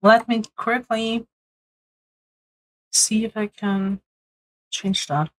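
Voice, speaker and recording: A young woman live-streaming a game, chatting bubbly and excitedly with her viewers. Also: mid-range voice, drawn-out words, rough recording. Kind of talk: live-stream gaming chat.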